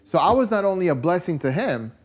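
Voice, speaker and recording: A man's voice: high-pitched, big pitch swings, fast, slightly rough. A man preaching a conversational sermon, telling stories with lots of "you know" and rhetorical questions to his listeners. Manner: rambling storytelling, peppered with "you know" and "right?".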